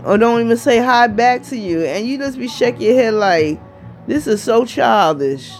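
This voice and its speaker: Speaking in a fairly high pitch and at a brisk clip, a female vlogger in her fifties rambles casually to her audience. She keeps checking in with "you know what I mean" and returning to the same points, while soft, faint music plays in the background.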